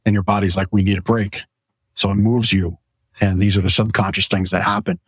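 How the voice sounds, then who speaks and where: A man's voice: fairly low pitch, level tone, brisk, breathy edge, no room sound. A man hosting a casual podcast from his mattress showroom, talking products in a rambling, enthusiastic way. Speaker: podcast host and mattress store owner. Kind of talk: casual sales chat.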